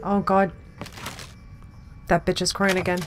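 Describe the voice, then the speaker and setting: A woman's voice: on the low side, flat delivery, measured pace, noisy background. A young woman giving let's-play commentary on a horror game, swearing and breaking into frightened exclamations. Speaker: gamer playing a horror game.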